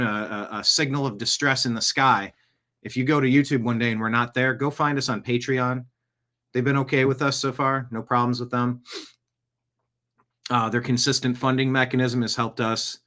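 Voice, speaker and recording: A man's voice: mid-range voice, pushed and bright. A man hosting his own podcast in a casual, rambling monologue full of jokey asides. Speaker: podcast host. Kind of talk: casual live-show monologue.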